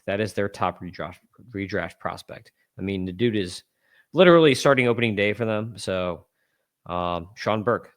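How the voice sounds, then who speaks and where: A man's voice: low voice, a bit bright. A man hosting a fantasy baseball podcast, talking casually through stats on screen, rambling, correcting himself and chuckling at his own remarks. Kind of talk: casual analysis while screen-sharing stats.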